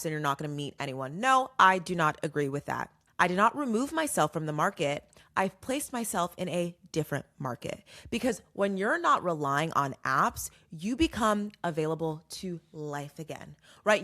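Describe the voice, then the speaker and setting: A young woman hosting a podcast, giving casual dating advice in an animated, emphatic way and repeating points for effect. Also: fairly low pitch. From New York. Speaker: podcast host.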